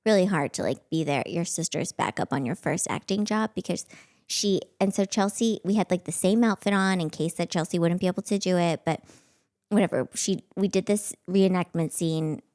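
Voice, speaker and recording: Speaking at an ordinary pace, a woman in her thirties with a lowish, somewhat mellow voice hosts a podcast. She spins a casual, self-mocking tale full of fillers and chatter.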